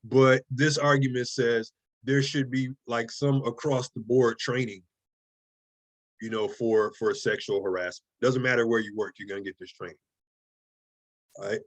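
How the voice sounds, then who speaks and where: A man's voice: mid-range voice, steady tone, normal speed. A man teaching a college writing class, lecturing casually and checking in often with "okay?" and "right?". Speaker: writing instructor.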